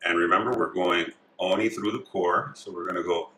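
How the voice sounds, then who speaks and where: A man calmly talking through each step of a craft tutorial as he works with his hands. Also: low-pitched, moderate pace, a little hiss or hum. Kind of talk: step-by-step instruction. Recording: echoey room.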